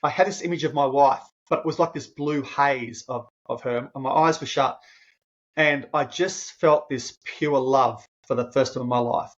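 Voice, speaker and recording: A man's voice: medium pitch, normal speed, dull audio. A man, a podcast guest telling a personal story in an earnest, emotional way and often restarting his phrases. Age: 50s. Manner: earnest, emotional, restarts phrases, animated when quoting himself.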